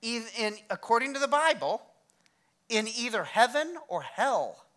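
A middle-aged male pastor giving a sermon in a conversational, energetic way, with self-deprecating humor. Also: extremely high pitch, measured pace.

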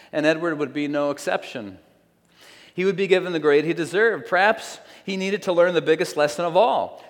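A man delivers a sermon, reading a story aloud with earnest, slow emphasis. His voice sits a little higher than most men's. The sound rings with the long reverb of a large hall. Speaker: preacher.

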